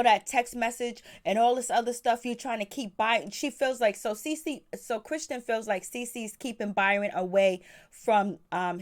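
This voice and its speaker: Chatty woman recapping a TV episode. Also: mid-range voice. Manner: chatty, opinionated, quotes people in voices. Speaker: TV recap host.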